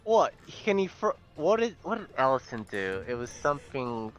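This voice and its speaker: A man playing in a tabletop game, joking and excitable in casual chat. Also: mid-range voice, normal speed, soft background music. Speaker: player.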